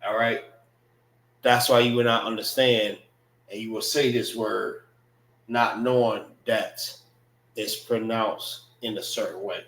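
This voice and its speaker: An American man teaching a Hebrew class, slowly drilling pronunciation and checking in with "all right" and "know what I mean". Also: lowish voice, steady tone, fairly bright tone, echoey room, rough recording. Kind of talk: classroom language lesson.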